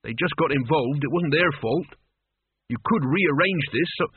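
A man's voice: fairly high pitch, normal speed, husky. A man voicing an earnest, determined young man in an audiobook. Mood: pleading. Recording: tinny phone-like sound.

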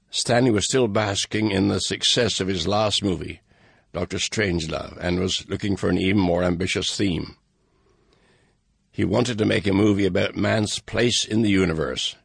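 A man, the author, reading a measured introduction to his book with a dry, wry manner. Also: sits low, vocal fry, a bit bright, slightly rough, no room sound. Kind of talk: recorded introduction, read aloud.

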